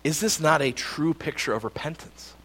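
Pastor, male, high light voice, lively joking sermon delivery. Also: normal speed, slightly rough. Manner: animated, jokey, acts out quotes.

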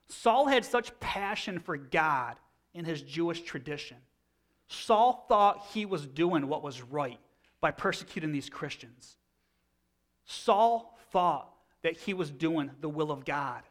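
A man's voice: a little high, a bit bright. A man in his thirties preaching a sermon in a conversational teaching manner, often restarting phrases. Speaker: pastor.

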